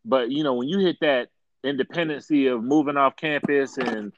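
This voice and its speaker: A man's voice: mid-range voice, moderate pace, dull audio, a little hiss or hum. A man in casual chat, telling stories with lots of laughter and repeated slang. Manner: animated storyteller, says "dog" often, laughs while telling.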